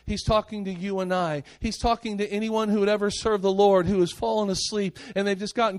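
A male pastor preaching a sermon with passion, moving between raised, urgent lines and quiet, hushed ones. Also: high-pitched, steady tone, fairly quick, few pauses. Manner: impassioned preaching, swinging between loud and hushed.

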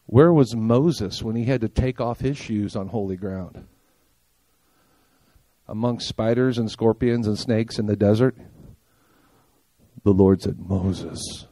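An older man preaching a sermon as pastor, emphatic, firing rhetorical questions and asking the congregation if they are with him, swinging from loud punchy lines to quiet low ones. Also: a little slow, no room sound. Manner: emphatic, rhetorical questions and call-and-response checks.

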